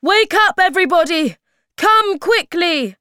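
Woman voicing Moomin Papa, high and shouting. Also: expressive, a little slow, no echo, clean studio sound, exaggerated voice. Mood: alarmed shouting. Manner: shouting, urgent, raised high voice. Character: Moomin Papa, fatherly troll-like creature, excitable.

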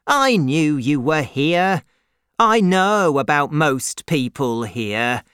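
A woman's voice: deep voice, big pitch swings, takes it slowly, clear, resonant tone, no room sound, studio quality, heavily acted. A woman voicing a cold, secretive man in a storybook reading, speaking curtly and impatiently. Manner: curt, hushed and impatient.

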